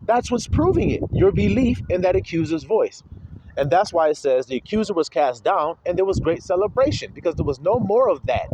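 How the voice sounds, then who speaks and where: A man's voice: high-pitched, sing-song, brisk, dark tone, slight background noise, rough recording. A man preaching a sermon, pressing his listeners with rhetorical questions and calling them his little flock.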